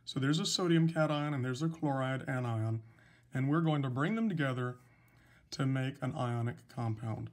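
A man teaching a recorded chemistry lesson, explaining patiently and slowly with some fillers. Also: mid-range voice, darkish tone. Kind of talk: recorded lecture, writing examples.

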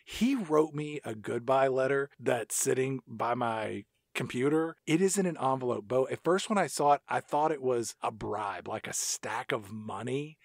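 A man's voice: medium pitch, moderate pace, creaky, few pauses, no echo, studio quality. A man co-hosting a podcast, chatting casually and sarcastically about a movie, laughing often. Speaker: podcast co-host. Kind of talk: casual chat reviewing a movie.

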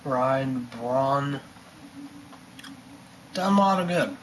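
A man speaks in a mid-range, expressive voice at a very slow pace, with slight background noise. He's a vlogger ranting on camera in a casual, rambling monologue, repeating himself and leaning heavily on fillers.

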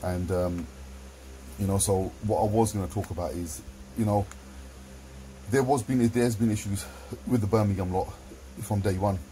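A middle-aged man with a very low, dark voice speaks in a blunt, casual monologue. He swears heavily. Faint hiss runs under the recording. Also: fairly even intonation, normal speed, rough recording. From London. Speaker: vlogger.

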